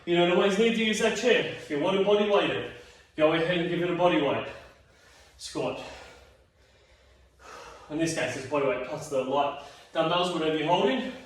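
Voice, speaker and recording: A man's voice: a little high, a little hiss or hum. A man leading a home exercise class, tired and yawning, chatty and encouraging as he counts reps. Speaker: fitness instructor. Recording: very echoey room, mic at a distance.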